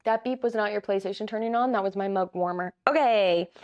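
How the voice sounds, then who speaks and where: A woman's voice: mid-range voice, brisk, a little mellow, lo-fi sound. Chatty woman streaming a board game. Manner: chatty, giggly, talks to chat. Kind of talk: casual live playthrough chat.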